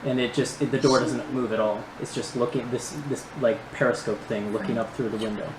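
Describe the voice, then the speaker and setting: A man's voice: medium pitch, steady tone, a little fast, reverberant, noisy background. A man narrating a tabletop game as game master, laid-back and hesitant, with many ums and restarts.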